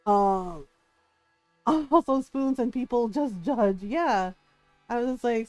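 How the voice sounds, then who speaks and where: Animated high-voiced woman telling a story. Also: unhurried, no echo, faint music behind. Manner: animated, laughing often, quoting others in shifting voices. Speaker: streamer. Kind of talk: casual storytelling chat.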